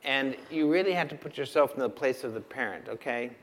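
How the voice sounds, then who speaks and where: A man preaching a sermon, asking the listeners questions and swinging from loud emphasis to hushed, quiet lines. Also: mid-range voice, a little fast. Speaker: pastor.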